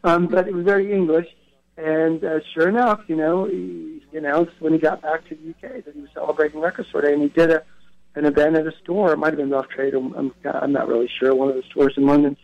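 Chatty man, fairly high voice, radio interview guest, muffled lo-fi broadcast sound. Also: steady tone, quick pace, gravelly. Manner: chatty, anecdotal, many self-corrections. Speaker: guest, co-founder of a record retail event. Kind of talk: radio interview, casual storytelling.

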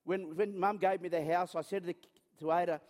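A man preaching, his voice sitting high for a man. He tells chatty, self-mocking stories and often stops and restarts a sentence as he goes. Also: steady tone, a little fast, a little mellow, in a large hall. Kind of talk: storytelling sermon.

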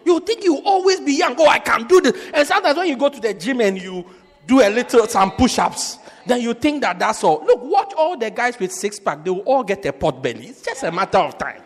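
A man preaching as a pastor, joking with the congregation and acting out quotes with sudden shouts. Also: very high-pitched, very animated, fairly quick. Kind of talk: lively sermon. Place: large church hall. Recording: reverberant hall.

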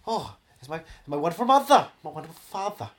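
A performer doing a comic impression of a self-absorbed, aging knighted film actor, drawling and repeating "wonderful", often sinking to a hushed murmur. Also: mid-range voice, big pitch swings, quick pace.

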